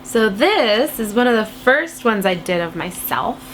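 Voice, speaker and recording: A woman in her twenties who has a cold chats casually to camera, answering viewer questions in a silly, playful way. Her voice is on the high side, very animated, unhurried and a bit bright, with slight background noise.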